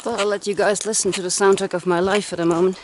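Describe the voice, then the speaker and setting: A woman's voice: mid-range voice, flat delivery, quick pace, noisy background. Chatty woman vlogging on a mountain trail. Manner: chatty, laughs often. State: cold from icy water. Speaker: hiking vlogger. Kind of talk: casual trail vlog narration.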